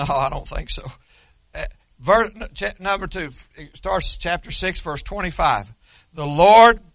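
Preaching from the pulpit, an older man mixes homespun humor with mounting passion, shouting until his voice starts to fail. His pitch sits high, and there's no echo.

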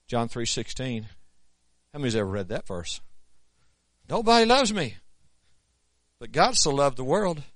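Folksy preacher, dry close sound. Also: male voice, mid-range voice, no echo. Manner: folksy, rising to emphatic peaks then dropping soft. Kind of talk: sermon.

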